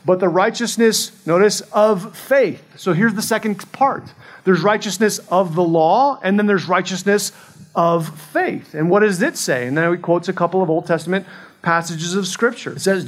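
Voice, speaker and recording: High-voiced man preaching a sermon. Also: moderate pace. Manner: earnest, conversational preaching with frequent restarts. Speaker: pastor.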